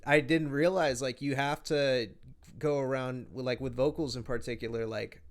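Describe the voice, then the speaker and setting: A man's voice: mid-range voice, steady tone, moderate pace. A man hosting a podcast in casual interview chat, laid-back, slangy and profane. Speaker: podcast host.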